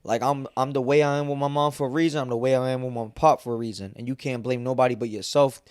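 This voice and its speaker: A man co-hosting a podcast in casual chat, chiming in with quick remarks. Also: mid-range voice, fairly even intonation, darkish tone, smooth, no echo, studio quality. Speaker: podcast co-host.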